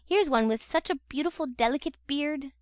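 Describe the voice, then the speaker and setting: In a clean, echo-free studio recording, a woman voices a coaxing, fawning young servant girl, lightly acted and pitched above her own natural voice. Her tone is high and a little mellow, at a normal pace.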